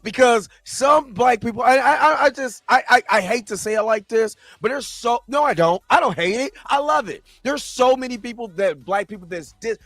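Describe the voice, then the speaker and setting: A man's voice: very high-pitched, lively intonation, moderate pace, few pauses, fairly bright tone, no echo, faint music behind. A man hosting a reaction show, delivering heated, impassioned commentary with frequent stumbles and restarts.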